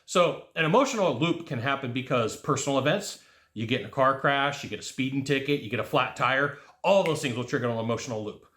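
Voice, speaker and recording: A man giving a casual, jokey motivational sales talk, acting out quotes with sudden jumps in pitch. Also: animated, fast talker, a bit bright, roomy sound. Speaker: sales coach.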